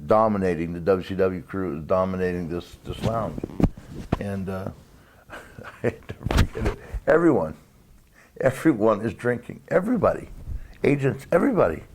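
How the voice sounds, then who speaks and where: A man's voice: low-pitched, darkish tone, slight background noise. A man telling an old road story in a casual interview, hesitant, with many fillers and restarts. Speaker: former wrestler.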